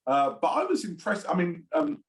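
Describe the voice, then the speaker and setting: A man's voice: high-pitched, big pitch swings, moderate pace. A man talking as an interview guest, circling his point with ums and laughing often. His voice carries a noticeable room echo. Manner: rambling, many fillers, laughs often. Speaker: screenwriter and producer guest. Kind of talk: casual interview chat.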